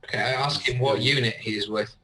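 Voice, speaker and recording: A man playing in a tabletop game, describing his character's moves in a steady, matter-of-fact way. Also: medium pitch, fairly quick, low-quality recording. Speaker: player.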